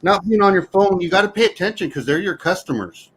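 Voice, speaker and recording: A man's voice: high voice, animated, fast talker, a bit bright, a little hiss or hum, rough recording. A man guesting on a wrestling chat, giving earnest, explanatory advice in casual conversation.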